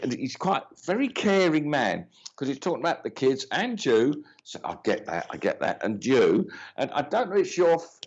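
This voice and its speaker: A man's voice: medium pitch, highs cut off. A man giving a live mediumship reading, chatty and cheeky, with many restarts and asides.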